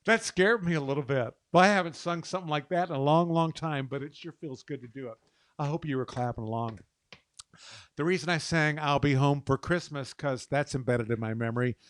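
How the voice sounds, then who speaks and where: Gushing soft-spoken man from Texas. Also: fairly high pitch, brisk, clear, resonant tone, no room sound. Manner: effusive, gushing; soft-spoken with frequent hesitations. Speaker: show host and singer. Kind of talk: casual chat between songs.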